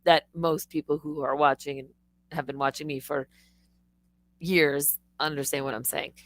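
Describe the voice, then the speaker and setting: A middle-aged woman hosting a live stream, telling stories in a rambling, animated way with swearing and restarts. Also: low-pitched, moderate pace, no echo. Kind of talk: casual live-stream monologue.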